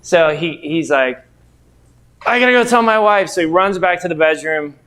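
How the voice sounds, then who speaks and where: Storytelling man with a slightly high voice. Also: moderate pace, a bit bright, smooth. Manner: rambling anecdotes with quoted dialogue and restarts. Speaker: real estate investor and trainer. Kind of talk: casual storytelling to a training group.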